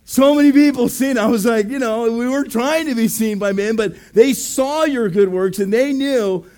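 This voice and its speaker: A man's voice: very high-pitched, moderate pace, darkish tone. A man preaching as a pastor, telling a story animatedly, acting out voices, laughing and calling out "amen". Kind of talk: sermon storytelling.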